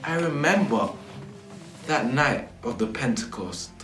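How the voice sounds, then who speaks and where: An actor playing Peter, a frightened, remorseful disciple, in a slow and emotional stage monologue. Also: male voice, mid-range voice, lively intonation, a bit bright, recorded from a distance. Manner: slow, emotional, cries out in denials. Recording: echoey room with faint music.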